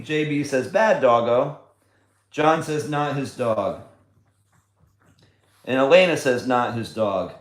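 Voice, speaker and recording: A man hosting a casual trivia livestream from home, chatty, fond and coaxing as he talks. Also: on the high side. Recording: echoey room.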